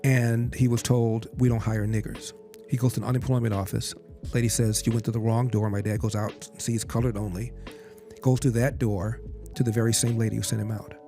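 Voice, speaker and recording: A man's voice: on the low side, little pitch movement, brisk, mellow. An older man recounting a family story as a podcast guest, quoting his father in direct speech. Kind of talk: storytelling in an interview. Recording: music bed behind the voice.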